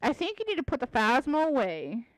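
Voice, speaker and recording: A woman's voice: sits high, huge pitch swings, a little fast, slight background noise, poor audio. A woman hosting a casual live-stream podcast, chatty and upbeat, often laughing.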